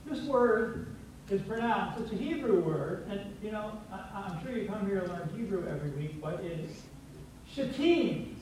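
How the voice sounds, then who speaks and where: A high-pitched male pastor delivers a playful, teacherly sermon, coaxing the congregation to say words back to him. He sounds far off from the mic. The church rings with a heavy echo, over a faint background hiss. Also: expressive, moderate pace, darkish tone. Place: church sanctuary. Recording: very echoey church, distant from mic.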